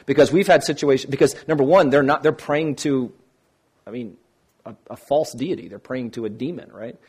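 A man's voice: medium pitch, normal speed, darkish tone, breathy edge. A man giving an informal teaching talk on Christian apologetics, speaking conversationally and acting out quoted dialogue. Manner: conversational, restarts often, acts out quoted dialogue.

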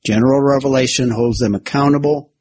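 Medium-pitched, steady, brisk and somewhat dark, this man's voice carries an expository, sermon-style lesson through scripture verse by verse. He uses a whiteboard to build an alliterative outline and banters with his listeners.

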